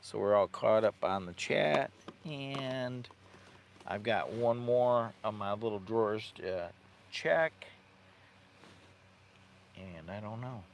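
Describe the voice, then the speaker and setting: Slow, gravelly-voiced man camping in his car. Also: fairly low pitch, slight background noise. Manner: rambling, laughs at himself, baby-talks to his dog. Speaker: vlogger. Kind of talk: casual livestream chat. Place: inside a parked car camper.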